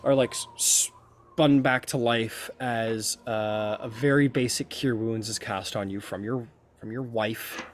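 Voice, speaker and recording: A man's voice: mid-range voice, steady tone, slow pace, a little hiss or hum. A man narrating a tabletop game as game master, loose and full of fillers.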